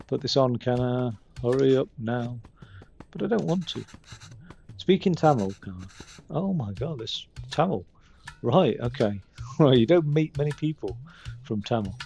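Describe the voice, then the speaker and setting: A man's voice: mid-range voice, lively intonation, a little slow, creaky, long pauses, mellow. A man streaming a game live, reading the characters' lines aloud and commenting between them.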